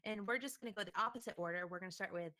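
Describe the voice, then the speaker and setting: A woman narrating a tabletop role-playing game as game master, in a lively, expressive way. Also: medium pitch, rapid-fire.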